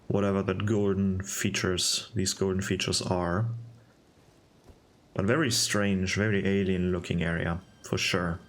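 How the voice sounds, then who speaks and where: A young man giving casual gameplay commentary, musing aloud in a relaxed way with hesitant restarts. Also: sits low. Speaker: game video narrator.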